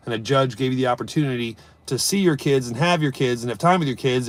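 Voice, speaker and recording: A mid-range male voice, captured in a dry recording, belongs to a casual live-stream host who jokes around and fields chat questions. He shifts between loud bursts and mumbled asides.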